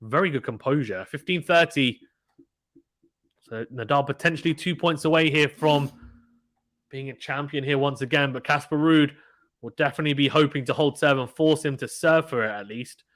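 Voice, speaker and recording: A young British man giving casual live play-by-play of a tennis match, chatty and quick to laugh, reading viewer comments aloud. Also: fairly high pitch, fairly bright tone.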